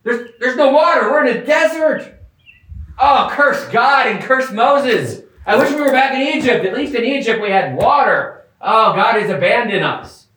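Melodramatic, wailing Israelites, as a preacher puts them on, pitched well above his usual voice and swinging between despair and joy. The wandering crowd sounds fickle and whiny. The sound comes from far off with heavy echo. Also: animated, moderate pace, fairly bright tone. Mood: whining. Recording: echoey, distant outdoor sound.

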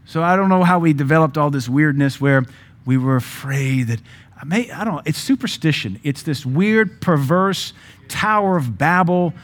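A man preaching a sermon as pastor, emphatic and joking, with sudden louder bursts. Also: on the high side, animated, normal speed.

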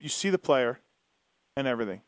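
A man's voice: medium pitch, lively intonation, fairly quick, heavy background noise. A man hosting a moto talk show, teasing his co-hosts and fielding callers with lots of laughs. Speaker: podcast host. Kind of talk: casual studio banter. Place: radio-style studio.

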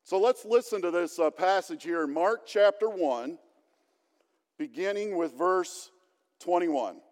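A man's voice: high voice, lively intonation, unhurried, a little mellow. A male pastor giving a conversational sermon with light humor, in a church hall.

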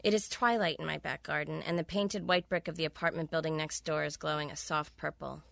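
Gravelly low-voiced woman reading. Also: fairly even intonation, a little fast, a bit bright, no room sound. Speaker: author. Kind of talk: reading from her novel.

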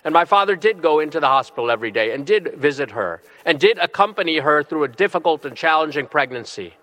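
A middle-aged man, a bishop, preaching a sermon with earnest, slow and emphatic phrasing. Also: on the high side, animated, a bit bright. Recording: long reverb of a large hall.

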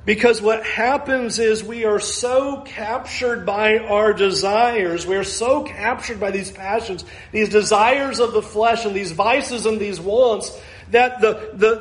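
A middle-aged male pastor preaching a sermon earnestly, acting out the answers of the people he counsels. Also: very high voice. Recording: echoey room with faint ambience.

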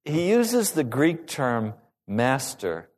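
A male pastor preaching a sermon to his congregation in an animated, rising and falling delivery. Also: mid-range voice, takes it slowly.

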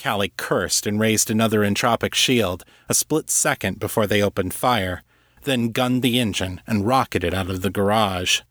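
A man narrating a serialized fantasy story in a steady, measured way. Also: lowish voice, no echo, studio quality. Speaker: narrator and author. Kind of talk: scripted audiobook narration.

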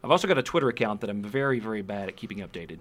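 A man's voice: lowish voice, animated, rapid-fire, a bit bright. A man with a mild Southern accent, a comedian guest chatting on a podcast in a rambling, self-deprecating way. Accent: Southern US, kept in check. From American South. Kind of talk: casual podcast chat.

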